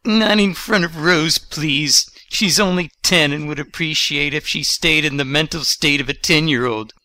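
A man's voice: a little high, normal speed, bright, forceful tone, voice pushed down. A man voicing a stern, protective guardian who scolds firmly. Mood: scolding. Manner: scolding, firm.

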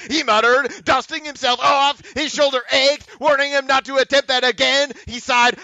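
A man co-hosting a comedy podcast narrates a comedic dramatic reading, chuckling at times. His voice is very high, with gravel in it. The recording is dry and close. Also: little pitch movement, moderate pace, few pauses, pushed and bright, no room sound. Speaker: podcast co-host reading aloud.

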